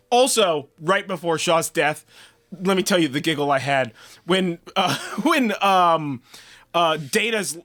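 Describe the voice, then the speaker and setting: A man co-hosting a review podcast, ranting in a profane, animated way and stumbling over restarts. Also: sits high. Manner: animated and swearing, frequent restarts. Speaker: podcast co-host reviewing a TV series.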